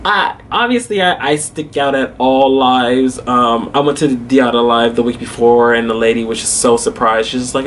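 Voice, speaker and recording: A man's voice: mid-range voice, moderate pace, fairly bright tone, a little hiss or hum. A young man vlogging casually, telling a story with lots of fillers and frequent laughter.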